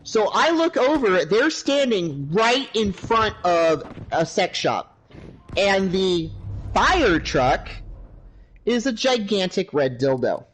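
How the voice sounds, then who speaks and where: A man with a high voice and a swooping, lively delivery tells a crude story during a game livestream. He talks casually and animatedly. A steady, clear noise sits under his voice. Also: slow. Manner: animated, profane anecdote-teller. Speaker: gaming livestreamer.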